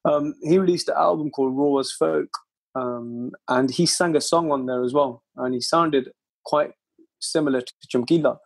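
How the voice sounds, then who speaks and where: Speaking at normal speed, a young Leicester man with a higher-pitched voice carries vocal fry and a breathy edge. As the guest lyricist in a relaxed interview chat, he uses plenty of slang and laughs and swears frequently.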